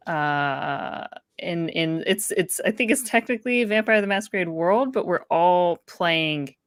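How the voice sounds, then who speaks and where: A woman in casual chat as a guest player, relaxed, listing things off with fillers. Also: lowish voice, unhurried, dry recording, clean studio sound.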